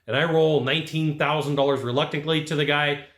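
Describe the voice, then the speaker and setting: A middle-aged man gives a punchy sales coaching talk straight to camera and keeps checking in with "right?". He talks very fast, in a voice a little higher than most men's. His voice rings in an echoey room. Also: steady tone, a bit bright. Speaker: HVAC sales trainer.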